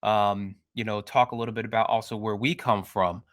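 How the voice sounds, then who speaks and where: Man, podcast co-host, low voice, dry close sound, relaxed rambling chat. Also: a little fast, no room sound. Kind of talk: casual chat.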